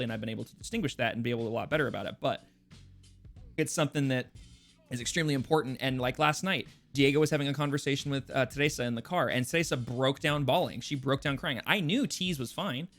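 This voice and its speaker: A man from California hosting a podcast, chatting casually, quick to agree and thoughtful. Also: mid-range voice, fairly bright tone. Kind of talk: casual chat.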